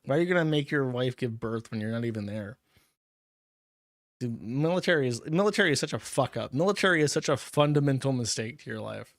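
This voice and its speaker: A man's voice: medium pitch, expressive, a little fast, no room sound, studio quality. A man hosting a livestream, reading paid chat messages and riffing on them in a casual, profane, rambling way with frequent laughs.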